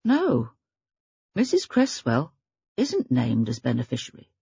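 Civil, no-nonsense police inspector read by a woman, low and husky, in a dull lo-fi recording. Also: huge pitch swings, unhurried, warm tone, no echo, exaggerated voice. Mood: matter-of-fact. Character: middle-aged male police inspector, civil, practical.

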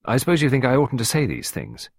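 A man's voice: medium pitch, huge pitch swings, fast talker, breathy edge, no room sound, clean studio sound, voice pushed up, heavily acted. Man doing an eager, lovesick young man. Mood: needling. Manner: eager, pleading, petulant.

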